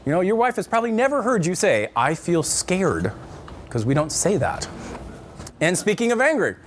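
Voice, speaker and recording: Animated, high-voiced male marriage counselor. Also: brisk, a little hiss or hum. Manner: animated and joking, acts out quotes in voices. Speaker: marriage counselor teaching a class. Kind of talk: lively lecture to a marriage class. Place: church classroom with a live group.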